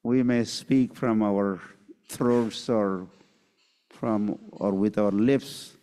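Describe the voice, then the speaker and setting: With a lowish, warm, clear, and resonant voice held at a steady tone, a man lectures on scripture as a spiritual teacher. Slow and unhurried, he tells a story and acts out its quotes, recorded with long hall reverb.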